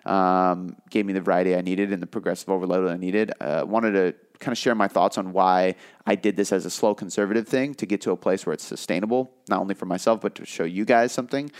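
A man's voice: low voice, a little fast, smooth. A man in his thirties hosting a podcast alone, talking casually and rambling, with many fillers and restarts. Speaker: podcast host. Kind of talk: casual solo podcast talk.

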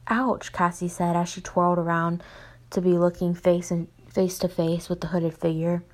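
A woman's voice: on the low side, completely flat delivery, normal speed. A young woman reading her own story aloud, plainly, stumbling and restarting often.

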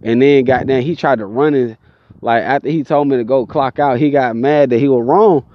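A tired young man telling a profane, animated story in casual talk, inside a vehicle. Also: mid-range voice, normal speed, lo-fi sound. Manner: profane, animated, mimics people in his stories.

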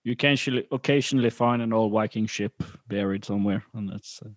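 A man speaking English as an in casual chat, halting and repeating words. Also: fairly low pitch, dry recording. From Norway.

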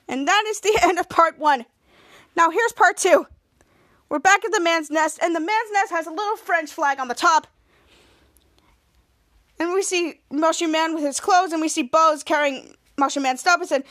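A woman with a fairly bright tone and moderate pace hosts a podcast, recorded dry in clean studio sound. In a relaxed recap, she retells a TV episode scene by scene, performing quotes with raised pitch and frequently breaking off to restart.

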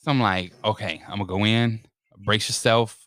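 A lower-voiced man talking at a normal speed, with no echo, shares a humorous anecdote in casual conversation. He's lively and profane, performing each person's lines as he quotes them.

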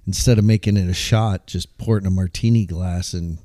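A man's voice: sits low, fairly even intonation, brisk, dark tone. A man co-hosting a casual podcast, easygoing and laughing at his own jokes. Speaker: podcast co-host. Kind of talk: casual chat.

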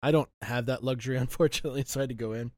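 Brief: man, casual chat, rambling and easygoing, mid-pitched, dry close sound. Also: rapid-fire, no echo. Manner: relaxed, rambling, laughs easily.

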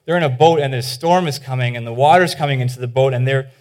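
Animated man preaching a sermon. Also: mid-range voice, fast talker. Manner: animated retelling, acting out the voices in the stories; informal, with many "like"s and restarts. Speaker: pastor.

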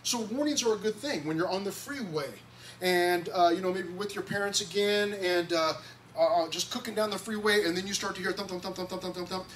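A male pastor gives a relaxed, conversational sermon in a church and sometimes acts out the voices he quotes. His voice sits high, and the mic is set well away from him, so he sounds distant. A faint hiss runs under the recording. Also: fairly quick.

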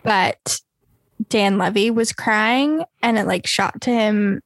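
A young woman co-hosting a podcast, chatting casually with lots of fillers and quick laughs. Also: mid-range voice, no room sound. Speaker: podcast co-host. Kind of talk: casual chat.

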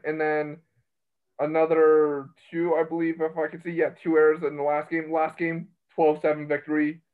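Excitable man on a tinny line. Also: on the high side. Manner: rambling, excitable, self-interrupting. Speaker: college baseball podcast host. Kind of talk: casual sports chat. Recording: tinny phone-line sound.

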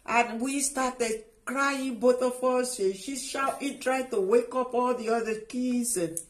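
Slow, halting, emotional woman recounting testimony. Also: on the high side. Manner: halting and emotional, with many restarts and trailing phrases. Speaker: guest sharing a personal testimony.

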